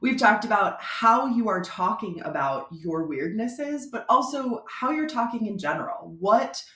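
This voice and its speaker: A woman's voice: medium pitch, animated, unhurried, fairly bright tone. A woman from Florida, a brand strategist giving a casual, chatty video tutorial to speakers. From Florida, USA. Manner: chatty, conversational, informal. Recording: roomy echo.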